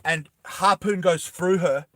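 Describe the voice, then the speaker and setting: Rambling, excitable young man. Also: high-pitched, slow. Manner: rambling, self-correcting, excitable. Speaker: animated film creator. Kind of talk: casual storytelling to viewers.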